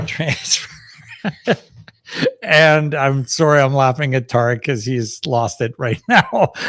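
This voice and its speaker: Chatty upbeat male doctor host. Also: medium pitch. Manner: chatty and upbeat, laughs easily, many fillers. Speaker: fertility doctor hosting a live Q&A. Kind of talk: casual live-stream chat.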